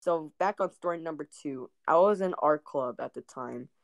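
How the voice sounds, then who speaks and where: A woman's voice: low voice, moderate pace, creaky, dry recording, studio quality. A woman co-hosting a casual podcast, rambling with lots of fillers and giggles. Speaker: podcast co-host. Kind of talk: casual chat.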